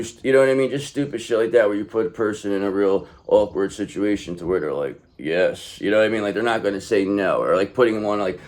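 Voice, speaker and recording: Loud bursts alternate with low asides as a male tarot reader gives a casual reading. His talk is emphatic, streetwise and full of profanity.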